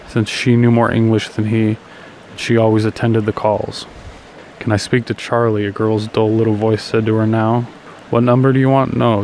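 A man narrating a literary short story in a measured, even reading with occasional slips. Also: on the low side, a little hiss or hum, rough recording. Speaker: audiobook reader.

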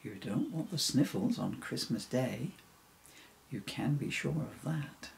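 A man voicing a caring, sensible mother in a children's story-poem, gentle and motherly. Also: mid-range voice, animated, unhurried, creaky, slight background noise, poor audio.

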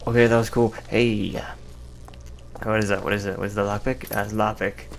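A man's voice: fairly low pitch, level tone, normal speed, creaky, slight background noise. Profane young man narrating a game. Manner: rambling, profane, sarcastic. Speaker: gameplay commentator. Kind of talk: casual let's play commentary.

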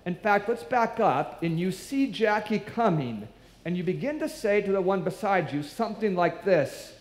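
In an echoey church hall, a man with a high, animated voice preaches a sermon at a moderate pace, with a little hiss or hum on the recording. He tells a story and acts out the voices of the people in it.

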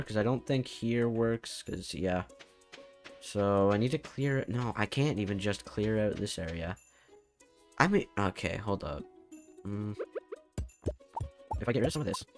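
Male streamer, casual, quiet muttering over game play, faint music underneath. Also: lowish voice, lively intonation, moderate pace, pauses often. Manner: mumbles to himself, then shouts and laughs when surprised. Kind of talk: casual gameplay livestream chat.

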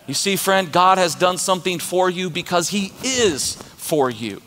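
Passionate pastor with a higher voice. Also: male voice, lively intonation, a little slow, fairly bright tone, slight background noise. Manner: emphatic, passionate preaching. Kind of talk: sermon. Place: church auditorium. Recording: long church reverb with music.

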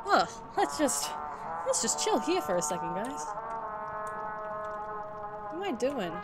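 Panicky high-voiced woman streamer. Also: sing-song, unhurried. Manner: jumpy, panicky, swearing, chatting to viewers. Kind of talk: live gameplay commentary. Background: game music.

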